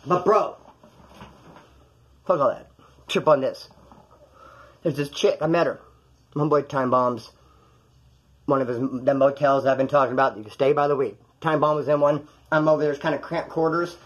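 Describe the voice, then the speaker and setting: A man's voice: mid-range voice, fairly even intonation, normal speed, long pauses, slightly rough, highs cut off. A man telling a true story from his own life in a casual, rambling, profane way, acting out the voices of the people in it.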